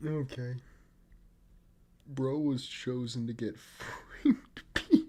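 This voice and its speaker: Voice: mid-range voice, fairly even intonation, very slow, dark tone, slight background noise. A co-host chatting casually on a livestream, laughing a lot, swearing and saying "yo".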